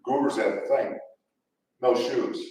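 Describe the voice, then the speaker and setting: In an echoey hall, a far-off microphone records an older man from around Detroit spinning rambling football yarns at a luncheon, laughing and restarting many times. His mid-range voice is steady, unhurried and somewhat dark, with slight hiss or hum.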